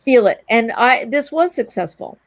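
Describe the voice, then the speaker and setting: A woman's voice: fairly high pitch, normal speed, no echo. A middle-aged woman telling a long anecdote in a casual interview, acting out the other people's lines as she goes. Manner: animated, breathless anecdote telling with quoted dialogue. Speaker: guest, entrepreneur.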